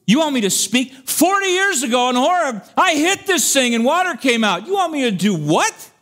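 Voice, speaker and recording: An exasperated old prophet with a short fuse, as a preacher puts him on, his voice jumping high above the speaker's own. He sounds indignant and half-shouting, as if he is losing patience in a retold scripture story. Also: very animated, normal speed, heavily acted.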